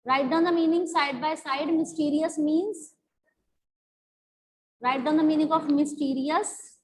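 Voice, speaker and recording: High-voiced teacher. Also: female voice, fairly even intonation, rough recording. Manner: repetitive, explaining meanings slowly. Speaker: English teacher. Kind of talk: classroom lesson explaining a story.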